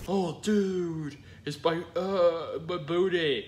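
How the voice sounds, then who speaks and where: A man's voice: a little high, expressive, unhurried, pushed and bright, a little hiss or hum. A man hosting a reaction video, goofily repeating lines from the clip and cracking silly jokes in casual talk.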